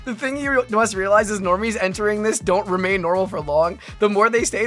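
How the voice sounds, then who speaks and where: A woman in her thirties streaming as a VTuber, chatting excitably with her viewers, laughing often and breaking into squealing exclamations. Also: medium pitch. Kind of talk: livestream reaction chat.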